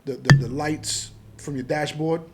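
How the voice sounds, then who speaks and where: A middle-aged man from Jamaica, telling his story as a podcast guest in an animated, profane way, acting out the dialogue. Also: a little high, measured pace, heavy background noise. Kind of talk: casual storytelling interview.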